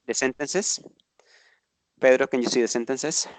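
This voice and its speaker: A man's voice: medium pitch, normal speed, dry recording. A man teaching an online English grammar class, explaining patiently and often checking in with tag questions.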